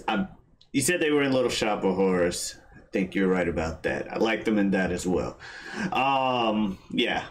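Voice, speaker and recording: A man's voice: low-pitched, lively intonation, moderate pace, slight background noise. A man hosting a casual podcast, opening with playful, showy self-introductions. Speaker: podcast host.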